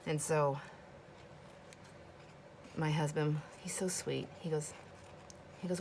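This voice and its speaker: A woman's voice: low voice, fairly even intonation, slow pace, pauses often, darkish tone, a little hiss or hum. A middle-aged woman hosting a casual crafting video, chatting and rambling with plenty of fillers as she works. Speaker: craft channel host. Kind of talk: casual crafting tutorial chat.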